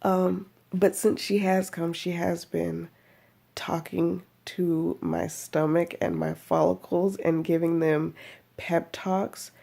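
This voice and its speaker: A woman with a deeply gravelly, fry-laden voice and a husky edge, talking in an unhurried, drawn-out way. Her low, mellow tone suits a chatty, rambling personal vlog update, broken up by frequent laughs. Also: little pitch movement. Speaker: vlogger. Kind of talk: casual personal video update.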